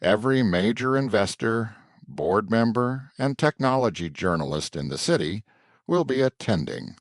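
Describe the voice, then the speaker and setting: A man reading a story aloud, voicing a poised, shrewd woman executive assistant in a measured, lightly raised tone. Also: fairly low pitch, no echo, studio quality, pitched above the performer's own voice, lightly acted. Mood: measured, earnest. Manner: calm, measured, warning in a hushed tone.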